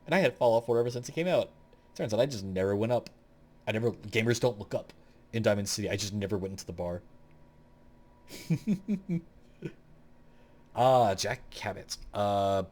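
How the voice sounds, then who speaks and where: Young adult male host, low-ish voice with animated pitch, rambling and opinionated, casual gaming chat. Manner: rambling, blunt and opinionated, swears freely. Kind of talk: casual tier-list commentary.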